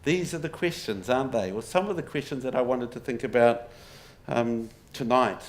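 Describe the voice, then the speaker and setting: A man with a medium-pitched voice speaks at a normal speed, giving a public lecture to a live audience in a pub. He tells stories laced with wry humour and rhetorical questions, while the audience laughs over faint room noise.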